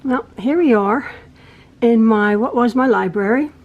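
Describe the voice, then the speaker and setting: A middle-aged woman who hosts a quilting channel, chatting casually and rambling through her home with soft sighs and laughs. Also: a little high, unhurried, narrow, tinny audio. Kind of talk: casual vlog chat. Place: home, indoors.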